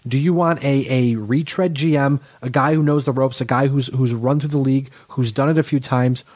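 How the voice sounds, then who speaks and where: A man's voice: medium pitch, steady tone, fairly quick, darkish tone. A man co-hosts a sports podcast. He talks in long, rambling runs. He keeps restarting and correcting himself as he goes. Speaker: podcast co-host. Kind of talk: casual sports talk.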